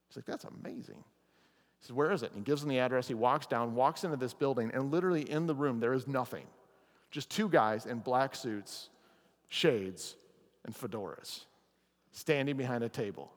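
A man preaching a chapel sermon as a pastor, telling a story with lively acted-out lines. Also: on the high side, big-room sound. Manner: animated storyteller, acts out characters' lines. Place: chapel or meeting hall.

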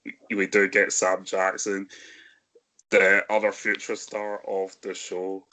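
A man hosting a casual film review chat, often breaking into high giggles. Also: completely flat delivery, slow pace, bright, forceful tone. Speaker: podcast host.

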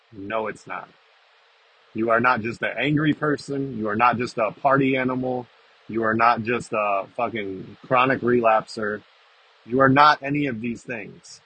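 Man, rough husky voice, bright tone, blunt casual podcast talk, swears, keeps asking "right?". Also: mid-range voice, low-quality recording. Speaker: podcast host. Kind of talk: freestyle recovery podcast monologue.

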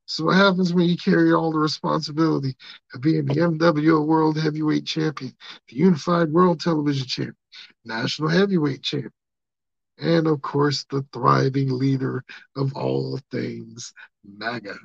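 A man putting on the voice of a swaggering male wrestling star, growling boasts that end in a rasped "yeah", on dull lo-fi audio. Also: a little high, fairly even intonation, normal speed, no room sound. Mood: boastful. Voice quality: gravelly growl.

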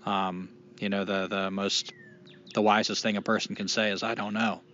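A man's voice: lowish voice, flat delivery, moderate pace, sharp tone. Male podcast co-host, rambling self-deprecating delivery with casual swearing, dull lo-fi recording.

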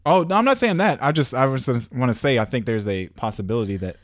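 A man's voice: mid-range voice, expressive, fast, no room sound, studio quality. A man co-hosting a casual podcast, laid-back and joking as he steers the talk from topic to topic. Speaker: podcast co-host.

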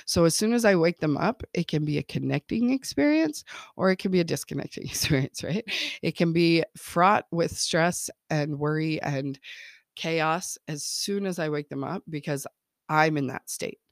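A woman's voice: sits low, moderate pace, no room sound, clean studio sound. A woman parenting coach talking casually, laughing often and checking in with her listeners. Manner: chatty, laughs often, keeps checking in with "okay?" and "right?".

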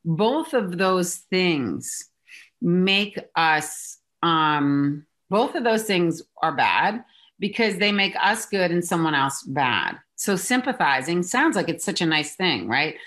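A woman's voice: fairly low pitch, expressive, slow, a bit bright. A woman executive coach being interviewed, explaining her points emphatically and acting out little examples. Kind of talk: conversational interview.

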